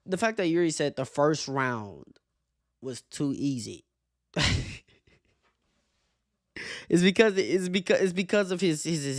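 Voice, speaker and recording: A man hosting a casual sports commentary show, animated and profane, laughing often as he makes his case. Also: a little high, no room sound, studio quality. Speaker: show host.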